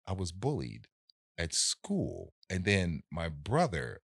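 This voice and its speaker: A man in casual conversation, telling a story in an animated way and acting out the voices of people in it. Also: low-pitched, takes it slowly, gravelly, breathy edge, dry recording, clean studio sound.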